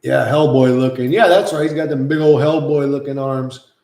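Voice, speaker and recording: A man streaming live, chatting loosely with lots of swearing and cooing softly to his pet. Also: medium pitch, fairly even intonation, normal speed, roomy sound, low-quality recording. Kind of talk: casual live-stream chat.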